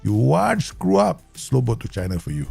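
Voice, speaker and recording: A chatty man with a Southeast Asian English accent streams his management game, quick to laugh as he talks to his viewers. His voice is gravelly and swoops up and down as he talks. Faint game music plays under him. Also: medium pitch, huge pitch swings, a little mellow. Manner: chatty, laughs easily, talks to himself and chat. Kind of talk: live game commentary.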